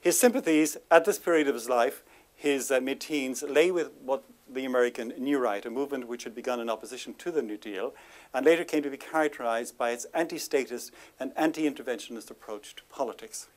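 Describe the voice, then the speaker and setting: A man of ordinary pitch delivers an informal lecture to a live audience. His talk is chatty and full of self-deprecating asides and small laughs. He leans hard on each item when he runs through a list of words. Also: fairly quick. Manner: chatty, laughs often between remarks.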